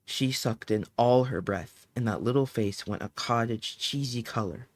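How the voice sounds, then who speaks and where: A man reading an audiobook aloud in an emotive, dramatic way, slowing down on the key phrases. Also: mid-range voice. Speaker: audiobook narrator.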